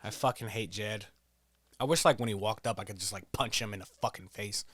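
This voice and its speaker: A man's voice: on the low side, brisk, fairly bright tone. A man giving casual, profane, joking commentary while playing a quiz video game, rambling into stories. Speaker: gameplay streamer.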